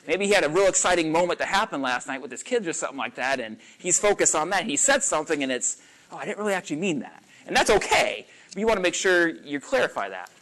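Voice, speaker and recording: Animated man teaching a small group. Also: fairly high pitch, fast, few pauses, slight background noise, rough recording. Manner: animated and conversational, acts out sample lines, frequent fillers. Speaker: coach teaching a workshop on listening. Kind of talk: casual live teaching talk.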